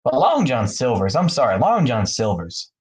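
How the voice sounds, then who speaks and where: A man's voice: mid-range voice, huge pitch swings, moderate pace, rough recording. A man rambling in a casual chat with his viewers, full of fillers and frequent laughs, talking from his bathtub. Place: bathroom, in the bathtub.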